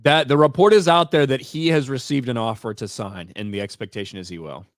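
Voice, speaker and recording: A man co-hosting a livestream in casual, wry conversation, teasing his partner and giving quick opinions. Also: mid-range voice, dry recording, studio quality. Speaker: livestream co-host. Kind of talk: casual profane stream chat.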